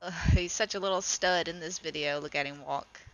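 A woman's voice: sits low, a little fast, a bit bright, poor audio. A woman who breeds goats, chatting casually and affectionately as she comments on her own farm videos. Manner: chatty, affectionate toward the animals.

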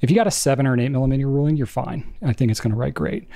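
A man with a gravelly, creaky edge to his voice, co-hosting a podcast. He chats casually and jokes around, with plenty of fillers. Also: mid-range voice, rapid-fire. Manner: relaxed, joking, many fillers. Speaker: podcast co-host. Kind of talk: casual chat.

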